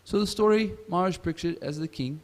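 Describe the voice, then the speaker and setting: A man's voice: high-pitched, fast talker, darkish tone. Man retelling a scripture story. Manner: asks the audience questions. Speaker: class speaker at a temple. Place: temple hall. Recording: reverberant temple hall.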